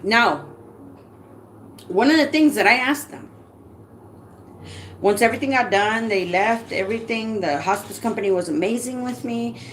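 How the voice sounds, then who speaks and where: A woman who works as a home care provider, earnestly telling her viewers a personal story in a halting way, often dropping to a soft, hushed voice. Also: on the high side, lively intonation, slight background noise, low-quality recording.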